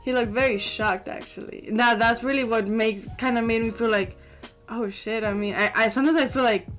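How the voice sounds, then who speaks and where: Young woman, casual podcast co-host, rambling with fillers, fairly high voice, faint music behind. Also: a little fast. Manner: rambling storytelling with many fillers. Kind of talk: casual chat.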